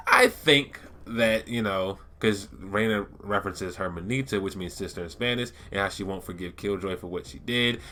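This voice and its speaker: A man's voice: on the low side, pushed and bright. A man talking casually and enthusiastically to his viewers, rambling with lots of fillers and restarts. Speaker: gaming YouTuber. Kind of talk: casual lore-talk vlog.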